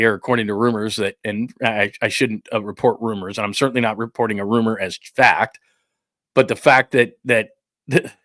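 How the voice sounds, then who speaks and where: A man hosting a sports talk show, ranting in a rambling, incredulous way and acting out quick quotes. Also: mid-range voice, a bit bright, dry recording, clean studio sound. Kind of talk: live-stream sports talk, reading supers.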